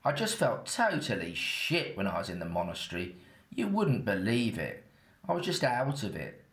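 A man's voice: lowish voice, wildly swooping pitch, moderate pace, a bit bright, roomy sound. Chatty Englishman with an Essex twang. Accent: Essex-tinged English. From England. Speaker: narrator. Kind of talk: first-person scripted storytelling.

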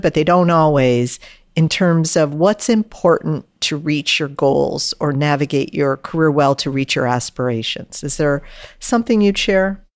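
A woman hosting an interview, measured and affirming as she asks questions. Her voice is low-pitched. The sound is dry and close to the mic. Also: dry recording. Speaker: podcast host.

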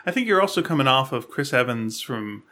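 A man's voice: mid-range voice, big pitch swings, brisk, bright, forceful tone. A man co-hosting a podcast in casual chat, rambling with many fillers and restarts. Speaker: podcast co-host.

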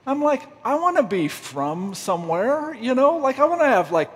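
A man's voice: very high voice, big pitch swings, moderate pace, breathy edge, in a large hall. A man preaching a humorous, self-deprecating storytelling sermon, laughing often as he goes. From United States. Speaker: pastor.

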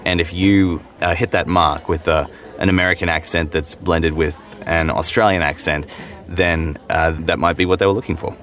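A man, a voice actor, chatting casually on a podcast panel in a relaxed, hesitant way with many fillers. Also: sits low, moderate pace, soft background music.

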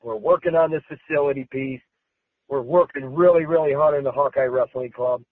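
A man's voice: medium pitch, fairly quick, no room sound. A male American wrestling coach answering questions, emphatic and repetitive, with many restarts. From United States. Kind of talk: press interview. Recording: tinny phone-like sound.

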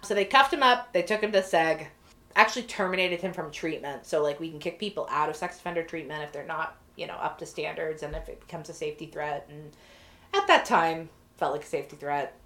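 A woman guest on a podcast, telling a work story in a casual, lively way, swearing freely and acting out what people said. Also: deep voice, fairly quick. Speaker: podcast guest, corrections treatment provider.

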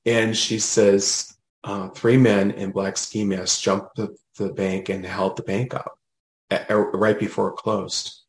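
Low-voiced man telling a story. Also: takes it slowly, roomy sound, poor audio. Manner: animated, retells dialogue, many fillers. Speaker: medium, podcast guest. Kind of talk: casual storytelling.

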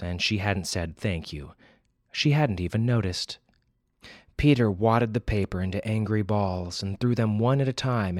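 A man hosting a podcast and reading a story aloud with expressive, wry delivery. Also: fairly low pitch, no echo, studio quality. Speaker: podcast host and narrator. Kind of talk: storybook narration.

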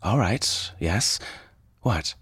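A man's voice: lowish voice, animated, very slow, fairly bright tone, husky, no room sound, clean studio sound, voice pushed up, exaggerated voice. A man putting on an icy female assassin from the future. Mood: guarded. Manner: icy, clipped, defiant. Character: cold, composed female assassin sent from the future. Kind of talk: audio fiction reading.

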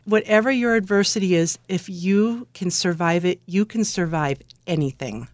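A middle-aged woman from California talking as an interview guest, an animated storyteller who laughs often and acts out what people said. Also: lowish voice, normal speed, dry recording. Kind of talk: conversational interview.

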